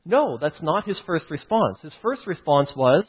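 A man's voice: a little high, big pitch swings, normal speed, husky. A man teaching through a personal story, often stopping to check in with "right?" and "okay?". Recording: tinny phone-like line.

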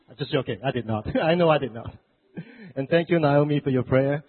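Man pastor, sermon, stuffy flu voice, husky, conversational, tinny dry phone-like recording. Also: mid-range voice, brisk, no echo. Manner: conversational, self-correcting, joking asides. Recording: dry, phone-like narrow sound.

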